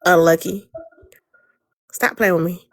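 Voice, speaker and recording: A woman's voice: fairly low pitch, steady tone, a little slow, no echo. Woman host, blunt and teasing, casual live chat, dry close phone sound.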